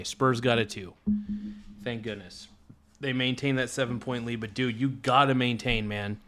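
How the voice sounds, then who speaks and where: Swearing often, a streamer gives a heated, exasperated running commentary in a casual, chatty way. He speaks at a medium pitch.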